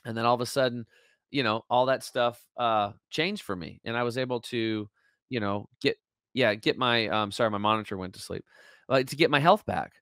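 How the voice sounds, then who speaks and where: A man's voice: mid-range voice, normal speed, a bit bright, no echo. Man, guest on a video call, emotional storyteller, acts out dialogue, dry sound.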